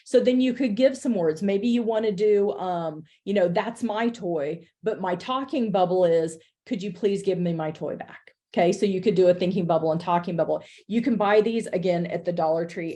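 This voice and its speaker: Lady teaching a webinar for teachers, mellow warm voice, chatty and upbeat. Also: mid-range voice. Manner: conversational, upbeat, reads chat replies aloud. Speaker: workshop presenter for educators. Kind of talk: webinar presentation.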